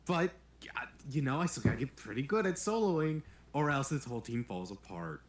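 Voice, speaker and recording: A man's voice: mid-range voice, very animated, fairly quick, close to an everyday voice. A man playing a brash, defensive young male ranger who works alone, answering back with sarcasm and swearing in tabletop role-play. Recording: roomy echo.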